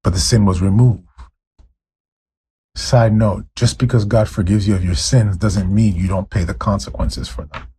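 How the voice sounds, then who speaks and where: A male pastor delivers a sermon in a husky, mellow voice. He preaches fervently and talks straight to his listeners, stacking up rhetorical questions to press his point. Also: deep voice. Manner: admits to ranting, addresses listeners directly.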